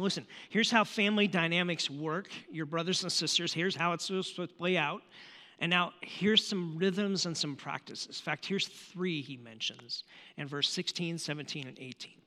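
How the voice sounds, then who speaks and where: A man's voice: a little high, sharp tone. A man preaching a sermon as a pastor, talking conversationally, asking the congregation questions and often repeating words as he goes. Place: church auditorium. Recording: long hall reverb from a church auditorium.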